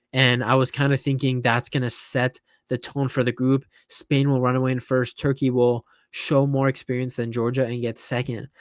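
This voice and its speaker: A young man giving casual, opinionated football reaction commentary, tired and animated by turns and often repeating himself. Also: medium pitch, dry recording, clean studio sound. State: tired, yawning.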